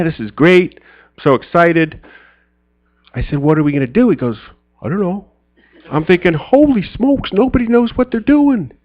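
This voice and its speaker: In lo-fi sound, a middle-aged speaker at a men's church gathering tells a personal story as a storytelling sermon. He's a lively storyteller who voices his friends' lines in a high, excited tone.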